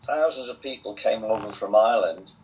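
An older man with a Southwest Lancashire accent tells stories at a relaxed pace with a dry, self-amused humour. His voice sits fairly low. The recording sounds dull and lo-fi. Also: fairly quick, a little hiss or hum. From England. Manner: chatty, wry, self-amused. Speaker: interview guest. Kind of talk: relaxed storytelling.

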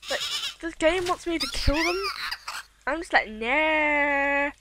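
A woman giving excitable let's play commentary, chattering and squealing at the game. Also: extremely high pitch, moderate pace, heavy background noise. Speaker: gaming channel host. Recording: loud game music underneath. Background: loud game music.

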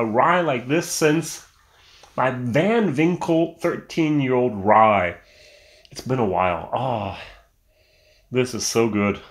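A man's voice: mid-range voice, fairly bright tone. Chatty man reviewing whisky on camera. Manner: enthusiastic, chatty, with filler restarts. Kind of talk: casual video review. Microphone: camera mic.

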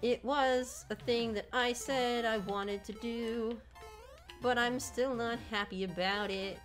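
On a gameplay livestream, a woman rants at a level she's playing with melodramatic, profane frustration. Her voice is fairly high and fairly even in intonation, she speaks slowly, and soft music plays in the background.

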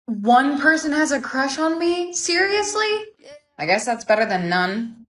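A young woman acting in a comedy skit, earnest and lively. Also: on the high side, moderate pace, reverberant.

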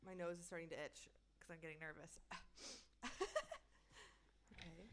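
A woman's voice: lowish voice, unhurried, pauses often, fairly bright tone. A young woman streaming a horror game, chatting with viewers and breaking into screams and nervous laughter. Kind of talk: casual gameplay commentary.

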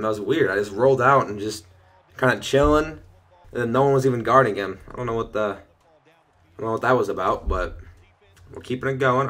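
A young man casually commenting on his own gameplay from his bedroom, chatting through each play and getting loud and excited when things go well. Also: medium pitch. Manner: excitable, shouts and laughs at big plays. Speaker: gaming video host. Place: bedroom at home.

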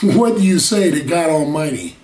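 A man with a slightly high, animated voice of darkish tone preaches a sermon at normal speed. He speaks earnestly, drawing out key words and posing rhetorical questions, with the mic far off in an echoey room and slight background noise.

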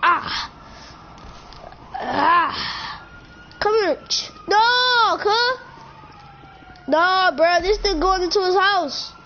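A woman's voice: very high voice, very slow, long pauses. A woman, trash-talking and swearing playfully while commenting on her gameplay. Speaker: gamer. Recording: dull lo-fi mic with faint background noise.

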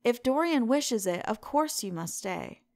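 A woman's voice: fairly high pitch, lively intonation, a little slow, darkish tone. A woman reading the lines of an earnest, worried male painter in a storybook reading, in an earnest, slightly fretful way.

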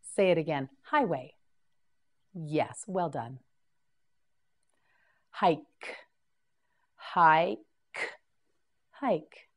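A woman with a lowish voice leads a scripted English vocabulary drill. She speaks very slowly, repeating each word clearly and prompting the listener to repeat it. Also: expressive.

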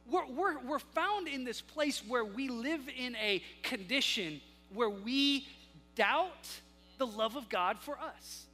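A male pastor preaching a sermon, with a dynamic delivery that swings between loud emphasis and hushed asides. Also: very high-pitched, lively intonation, takes it slowly. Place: church sanctuary. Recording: long hall reverb with faint music.

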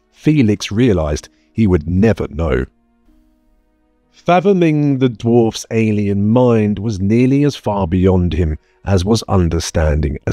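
Deep, slow-reading male audiobook narrator. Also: no echo, clean studio sound. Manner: measured, expressive storytelling. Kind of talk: scripted narration.

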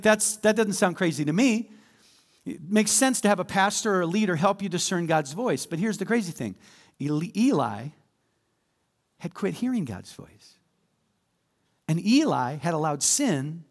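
High-voiced pastor preaching animatedly. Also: male voice, moderate pace, long pauses. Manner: animated preaching with call-and-response to the congregation. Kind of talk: sermon. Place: church sanctuary.

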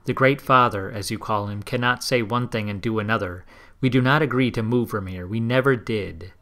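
A man's voice: lowish voice, brisk. A man reading the part of a robust, defiant middle-aged male chief elder. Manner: defiant, forceful.

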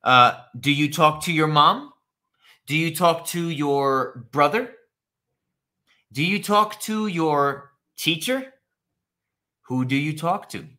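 A man teaching an English lesson online, repeating phrases slowly and answering viewers' questions from the chat. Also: on the high side. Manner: slow, repetitive, animated teacher talk, answers chat questions.

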